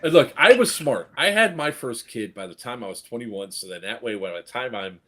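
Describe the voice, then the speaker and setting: Middle-aged man, husky voice, animated and profane, casual storytelling co-host. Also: mid-range voice, brisk. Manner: animated, profane, acts out quotes. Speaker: stream co-host.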